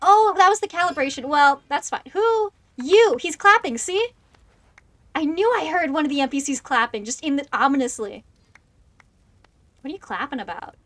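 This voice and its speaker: A woman in her twenties chatting excitedly on a gaming livestream, making self-deprecating asides into a close desk microphone. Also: high-pitched, moderate pace. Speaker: streamer. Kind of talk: casual gaming livestream chat.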